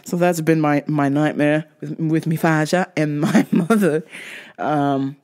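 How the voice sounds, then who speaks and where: A woman hosting a podcast in casual chat, blunt and profane, with bursts of loud laughter. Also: low voice, fairly even intonation, unhurried, faint music behind. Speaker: podcast host.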